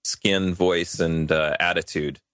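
A man with a very low voice trades dry jokes in a casual tech podcast chat. The sound is close and dry. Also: steady tone, slow pace, fairly bright tone, no echo.

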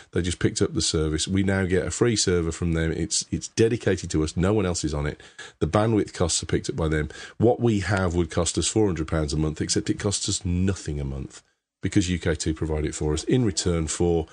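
A man's voice: deep voice, fairly quick, darkish tone. A man from England with a Birmingham accent, hosting a casual tech podcast and rambling through sponsor thanks with plenty of restarts. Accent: Birmingham English. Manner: chatty, rambling with many restarts and laughs. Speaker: podcast host.

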